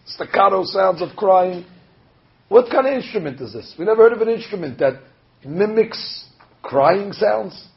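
A man, a rabbi, preaching a sermon with animated storytelling, acting out the voices he quotes. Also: sits high, unhurried, creaky. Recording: dull lo-fi recording.

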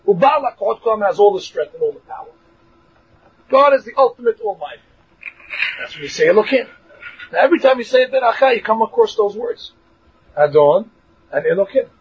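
A man teaching a Torah lesson in a lively, animated way, mixing Hebrew and English, acting out voices and laughing along the way. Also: sits high, a little fast, pauses often, breathy edge. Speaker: rabbi teaching a class. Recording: dull lo-fi recording.

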